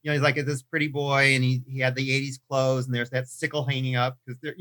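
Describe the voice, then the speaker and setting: A man co-hosting a casual film review podcast, chatty and animated, often laughing and restarting his sentences. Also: mid-range voice, fast talker. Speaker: podcast co-host.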